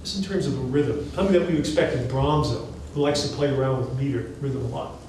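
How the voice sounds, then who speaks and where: A male music professor teaching a class, asking students questions in an animated, encouraging way. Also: medium pitch, quick pace. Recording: echoey classroom from far off, faint hiss.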